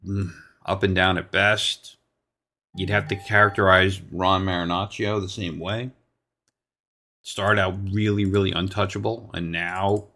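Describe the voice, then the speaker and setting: A man's voice: deep voice, vocal fry, sharp tone. A man hosting a solo sports talk podcast, blunt and exasperated, with sarcastic asides and free swearing.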